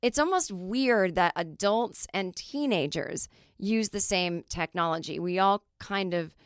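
A middle-aged woman hosting a podcast, telling stories in a chatty, animated way with lots of fillers. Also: mid-range voice, a little slow, smooth, no room sound, studio quality. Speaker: podcast host. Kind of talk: casual comedic monologue.

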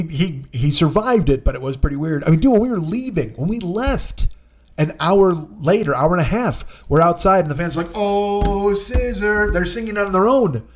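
Male comic podcaster, animated, profane, rambling storyteller, slightly high voice. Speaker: podcast host. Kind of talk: casual comedic storytelling.

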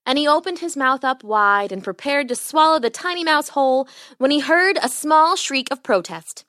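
A woman hosting a children's podcast and narrating a bedtime story in an animated, expressive way. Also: high-pitched, moderate pace, no echo, studio quality.

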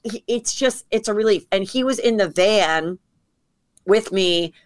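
A woman comedian telling stories as a podcast guest, chatty and quick to act out what people said. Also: mid-range voice. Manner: chatty storyteller acting out quotes. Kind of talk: casual podcast chat.

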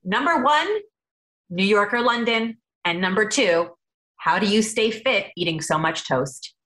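Bright-voiced woman interviewer. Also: mid-range voice, expressive, a little slow, rough recording. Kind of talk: reading fan questions in an interview.

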